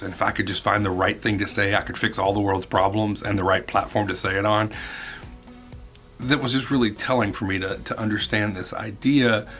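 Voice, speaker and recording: A man's voice: lowish voice, a bit bright. A man who is a youth minister, talking in a casual vlog. He reflects candidly and rambles.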